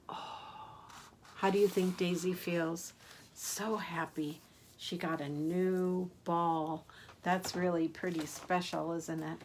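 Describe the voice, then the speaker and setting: An older woman, a grandmother, reading picture books aloud to children in a gentle, expressive way, gasping and asking them questions. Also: fairly low pitch, slow pace, a little hiss or hum. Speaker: grandmother storyteller.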